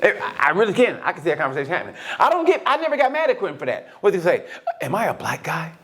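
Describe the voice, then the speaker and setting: A middle-aged man co-hosting a podcast, telling stories in casual conversation and acting out the voices of the people in them. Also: very fast. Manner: animated storytelling, swings between high and low, acts out quotes. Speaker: podcast co-host.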